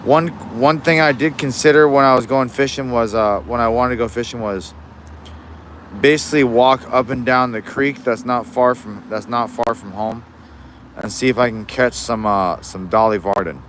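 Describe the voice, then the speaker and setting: A man's voice: medium pitch, normal speed, fairly bright tone, a little hiss or hum. A young man in Alaska chatting casually on a fishing livestream, rambling and easygoing with many restarts, recorded outdoors in the rain on a phone.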